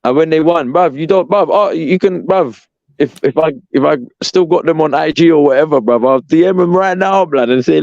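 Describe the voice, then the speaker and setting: A man's voice: on the high side, moderate pace, creaky, a little mellow, no room sound. Ranting young man, dull lo-fi. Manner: profane, repetitive, exasperated, says "bruv" constantly. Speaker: podcast co-host. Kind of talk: heated fan rant. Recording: dull, dry lo-fi sound.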